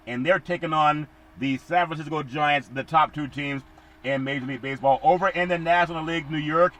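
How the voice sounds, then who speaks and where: A man's voice: on the high side, fairly bright tone, rough recording. A man hosting a solo sports podcast, rambling through baseball news with jokes and repeated catchphrases.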